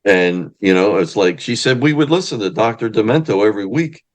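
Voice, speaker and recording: A wrestling manager and historian with a lowish voice talks fairly quickly, casually telling stories in an interview. He's animated, acting out quoted voices at high volume.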